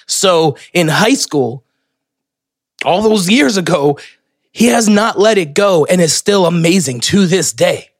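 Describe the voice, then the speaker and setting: This young podcast host from Florida delivers a casual solo monologue, a profane, meandering storyteller who keeps breaking off and starting over. His slow, slightly high voice is expressive and sounds close and dry, with no echo.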